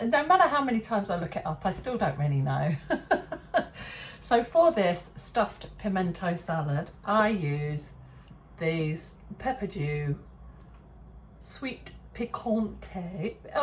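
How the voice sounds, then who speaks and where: An English woman hosting a relaxed kitchen demonstration, chatty and self-deprecating, often laughing at herself. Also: medium pitch, slight background noise. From England. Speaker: cooking show host. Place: home kitchen.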